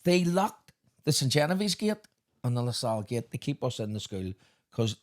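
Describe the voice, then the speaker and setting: Animated swearing Northern Irish man. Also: mid-range voice, moderate pace. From Northern Ireland. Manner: swearing, animated anecdote telling. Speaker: podcast host. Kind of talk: casual storytelling chat.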